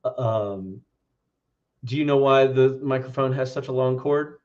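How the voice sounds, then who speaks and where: A man talks through a film on a podcast in a loose, meandering way, with a casual habit of swearing. His voice sits at an ordinary middle pitch. The recording is a little dull and lo-fi. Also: unhurried, a little mellow. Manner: loose and rambling, swears freely. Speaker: podcast co-host.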